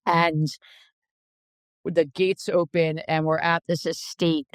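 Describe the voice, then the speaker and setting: A woman's voice: sits low, little pitch movement, a little slow, long pauses, clear, resonant tone, dry recording, clean studio sound. A woman in her fifties, a chef telling anecdotes in a casual interview, blunt and chatty with lots of "like" fillers. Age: 50s. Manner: blunt, swears freely.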